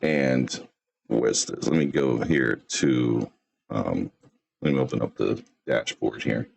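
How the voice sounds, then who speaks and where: A man hosting a livestream, roasting other streamers in brash, swearing, fast bursts. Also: very deep voice, creaky, a little hiss or hum. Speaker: livestream host.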